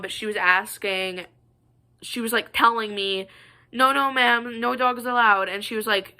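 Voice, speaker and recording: A woman's voice: mid-range voice, pushed and bright. A young woman vlogger telling stories to the camera in a casual, chatty and rambling way. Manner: chatty, rambling, many fillers and asides.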